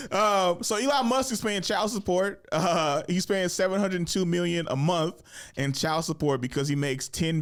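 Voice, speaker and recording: A man in his thirties, a comedian hosting a podcast, talking casually in a rambling, profane, animated way in a podcast studio. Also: on the high side. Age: 30s.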